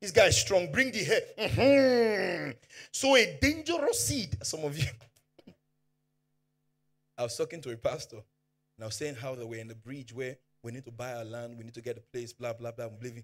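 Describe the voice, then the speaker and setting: A man with a Nigerian accent preaching a sermon as pastor, fervent, swinging from hushed to shouting, and dropping Pidgin asides. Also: on the high side, expressive, moderate pace.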